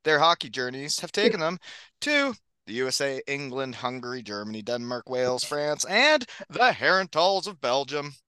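A man's voice: mid-range voice, sing-song, moderate pace, pushed and bright, clean tone, no room sound. A man hosting a casual hockey podcast, upbeat and joking, often laughing. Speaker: podcast host.

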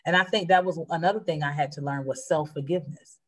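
Earnest fast-talking woman sharing faith. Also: low-pitched, fairly even intonation. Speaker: churchgoer sharing testimony. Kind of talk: casual faith conversation.

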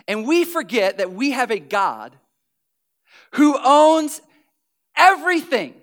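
A man preaching a sermon as pastor, animated, acting out little scenes and sometimes dropping to a near whisper. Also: very high voice, slow pace.

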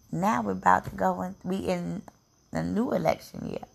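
Gravelly, impassioned woman. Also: on the low side, moderate pace. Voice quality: gravelly, heavy vocal fry. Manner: impassioned, emotional, repeats phrases, drops to whispers. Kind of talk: personal monologue to camera.

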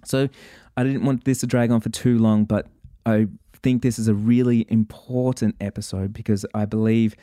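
A man's voice: on the low side, steady tone, normal speed, warm tone, no echo, clean studio sound. A man hosting a podcast, talking straight to listeners in a passionate, worked-up motivational monologue. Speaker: podcast host.

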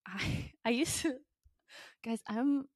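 A woman's voice: a little high, slow, a little mellow, no echo, studio quality. A young woman hosting a podcast, talking in a candid, blunt way with lots of fillers. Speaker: podcast host. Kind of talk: casual chat.

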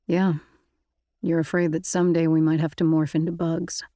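A woman voicing an earnest, steady teenage boy in an audiobook, talking in a reassuring way. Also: low-pitched, moderate pace, no room sound, studio quality, close to an everyday voice.

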